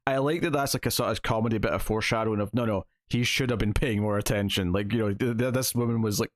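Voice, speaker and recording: A man's voice: on the low side, steady tone, quick pace, no echo, studio quality. Chatty man reviewing a TV episode. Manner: chatty, retells scenes with quoted lines. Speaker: podcast co-host. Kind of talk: casual TV review chat.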